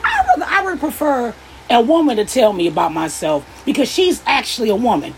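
Blunt, profane woman ranting, lively pitch. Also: brisk, slight background noise, low-quality recording. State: upset. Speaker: vlogger. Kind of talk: heated opinion rant to camera.

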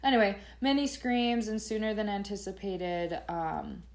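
A woman's voice: mid-range voice, animated, moderate pace, darkish tone. A woman co-hosting a podcast, recapping chapters in a chatty way with dry asides and laughs. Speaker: podcast co-host. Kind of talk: casual book-club recap.

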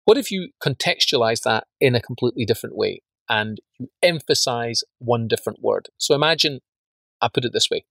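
A man's voice: medium pitch, animated, a little fast, vocal fry, fairly bright tone, dry recording. A man teaching a business course, asking rhetorical questions and stressing words emphatically, with frequent repeats. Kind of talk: spoken lesson on facts and truth.

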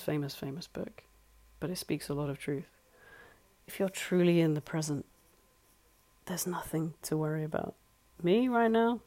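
A life coach, alone in a home flat, gives earnest advice in a conversational style and keeps repeating points to emphasize them. The voice is mid-range and a little mellow.

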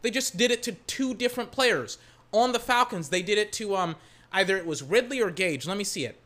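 A football fan doing live reaction commentary on a game, swearing a lot and yelling at the referees in loud, ranting outbursts. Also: mid-range voice, animated, brisk.

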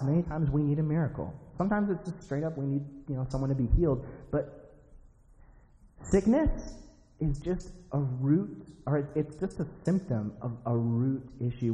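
Young male youth pastor, chatty and emphatic preacher; dark, warm tone, dull recording in a reverberant hall. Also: medium pitch. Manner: casual, emphatic, conversational preaching with lots of "like". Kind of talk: sermon.

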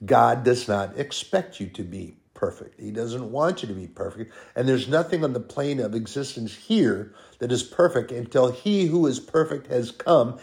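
A middle-aged man preaches a sermon and teaches from the Bible, speaking conversationally with fillers and self-corrections. He swings between soft asides and loud, rising proclamations, in an unhurried medium-pitched voice with vocal fry and hardly any pauses.

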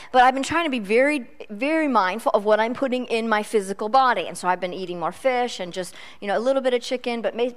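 A middle-aged woman preaching a sermon in a chatty, self-deprecating storytelling way. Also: mid-range voice.

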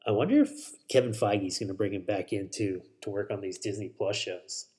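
Rambling casual podcast guy, mellow voice. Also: lowish voice, moderate pace. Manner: rambling, swears, self-correcting. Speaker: podcast host. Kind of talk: casual solo podcast chat.

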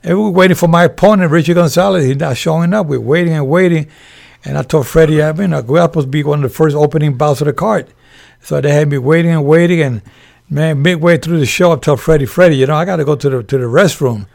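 Older man, gravelly, animated storyteller, former referee, interview guest. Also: a little high, fast.

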